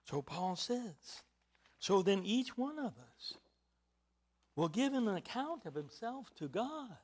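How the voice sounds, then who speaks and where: A man with a high voice preaches a sermon at an unhurried pace. His delivery swings from hushed, nearly whispered phrases to loud, emphatic declarations. He stresses key words and puts questions to his listeners. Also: big pitch swings.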